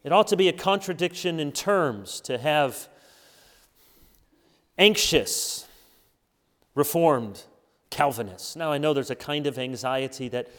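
A man's voice: fairly high pitch, expressive, a bit bright. Earnest male preacher in a reverberant hall. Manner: earnest, emphatic preaching with slowed stressed words. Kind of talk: sermon.

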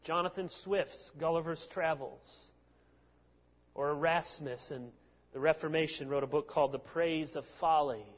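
A male pastor preaching a sermon, explaining passages with lively sarcastic asides. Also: a little high, moderate pace. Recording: long hall reverb, dull lo-fi sound.

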